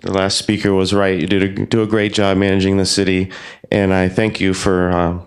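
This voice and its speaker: A man's voice: deep voice, monotone, normal speed, clear, resonant tone. A city parks worker speaking plainly and modestly at a council meeting while losing his voice. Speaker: city parks employee being honored. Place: council chamber.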